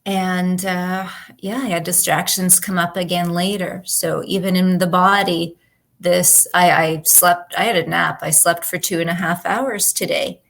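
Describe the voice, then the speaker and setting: Woman guest, slow and halting, low voice, reflective. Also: little pitch movement, fairly bright tone. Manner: halting, searching for words. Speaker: guest co-host. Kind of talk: reflective personal chat.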